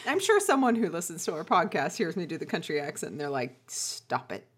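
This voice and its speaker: A woman's voice: lowish voice, sing-song, fast talker, slightly rough. A woman co-hosting a podcast, chatting in a playful, teasing way and telling jokes. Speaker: podcast co-host. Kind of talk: casual chat.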